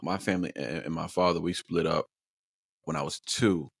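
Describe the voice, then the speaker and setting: A man's voice: extremely low pitch, moderate pace, creaky, husky, dry recording, clean studio sound. A man, a guest telling stories in a loose, rambling way, often repeating words as he talks. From Long Island, New York. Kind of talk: casual conversation.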